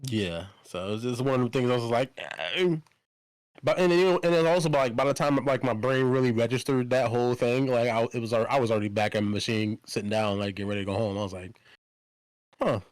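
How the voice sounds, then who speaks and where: A young man co-hosting a podcast in casual chat, telling a story in a laid-back way with laughs and soft trailing endings. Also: mid-range voice, fast, no echo. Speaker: podcast co-host.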